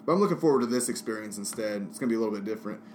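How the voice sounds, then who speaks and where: A man's voice: on the low side, expressive, rapid-fire, darkish tone, slight background noise. A man co-hosting a casual podcast, telling rambling, profane stories while drinking. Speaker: podcast co-host. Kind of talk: casual chat.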